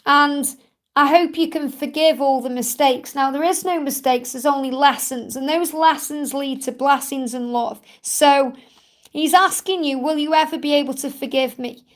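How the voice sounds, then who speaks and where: High-voiced soothing woman reading cards. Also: moderate pace. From England. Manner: soothing, reassuring, repeats "okay?" and "so". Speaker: tarot reader hosting a live Q&A. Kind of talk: live-stream card reading.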